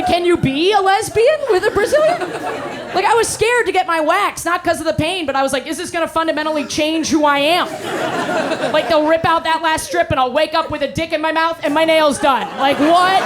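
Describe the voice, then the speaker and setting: A woman stand-up comedian doing crowd work in a brash, crude, swaggering way. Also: very high voice. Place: comedy club stage. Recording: loud crowd and noise. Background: loud audience laughter.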